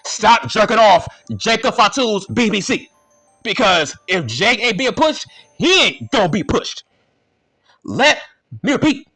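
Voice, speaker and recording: A man ranting in a casual, exasperated and profane way as a wrestling show reviewer, repeating his points with a slightly husky voice. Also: sits high, sing-song, unhurried, bright, forceful tone, soft background music.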